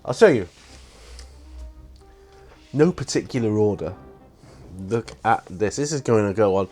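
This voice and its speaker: A man in his fifties talks through his birthday gifts in a fairly low voice. He is eager and rambling, with plenty of ums and restarts. Faint music plays in the background. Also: expressive, measured pace, darkish tone. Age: 50s. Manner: enthusiastic and rambling, with many fillers. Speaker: hobby vlogger. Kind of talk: casual unboxing vlog.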